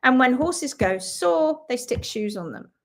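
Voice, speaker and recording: Chatty woman hosting a live stream. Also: high voice. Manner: chatty, greets viewers and reads out their comments; lively and talkative, with quick asides. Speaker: host of a live stream on hoof care. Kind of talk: casual live-stream chat.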